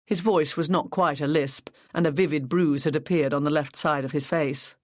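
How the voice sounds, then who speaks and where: An audiobook narrator reading a mystery novel in an even, measured way. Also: medium pitch, no room sound, clean studio sound. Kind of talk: scripted narration.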